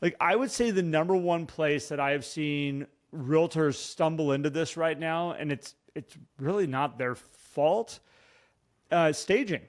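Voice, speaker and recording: A man's voice: fairly high pitch, a little slow. A man co-hosting a casual podcast as a real estate coach, talking earnestly and acting out what clients say.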